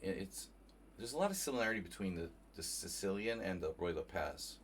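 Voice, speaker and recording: Here the New Jersey chess streamer's deep voice swings widely in pitch as he talks a little fast, casually narrating his own game, thinking aloud and chatting with viewers. A little hiss or hum sits under the recording.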